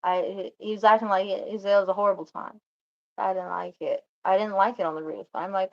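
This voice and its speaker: A woman's voice: medium pitch, steady tone, fairly quick, gravelly, dull audio. A woman telling a personal story in a meandering, self-interrupting way, often laughing and stopping to restart her sentences.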